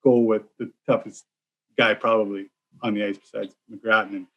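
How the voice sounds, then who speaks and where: A man's voice: fairly low pitch, level tone, normal speed, lo-fi sound. Rambling man recounting a hockey fight. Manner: rambling, self-mocking, acts out quotes. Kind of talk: casual storytelling chat.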